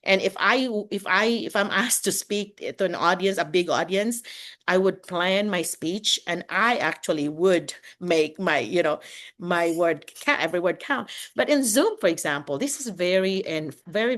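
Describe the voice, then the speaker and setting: A middle-aged woman from the Philippines, chatting casually and quickly on a video call as a teacher and host. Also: fairly low pitch. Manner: talks fast when excited, lively, with laughs.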